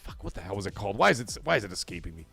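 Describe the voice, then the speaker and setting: A man's voice: fairly low pitch, big pitch swings, rapid-fire, creaky, sharp tone, faint music behind. A man hosting a casual live stream, talking animatedly, swearing freely and reading viewer messages aloud. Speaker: livestream host.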